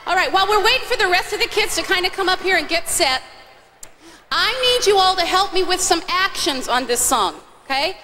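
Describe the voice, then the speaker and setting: A high, bright woman's voice guides kids through a song in cheerful live-stage banter. Her stage mic rings out into a big church hall with a long reverb tail, and a faint audience murmur sits underneath. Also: animated, a little fast, a little hiss or hum. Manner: cheerful, coaxing, directing children. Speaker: singer leading a children's song on stage. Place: large church auditorium.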